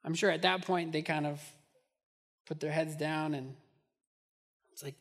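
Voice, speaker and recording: A man's voice: a little high, a little slow, long pauses. A man preaching a sermon as pastor, impassioned and repetitive, building in intensity as he goes.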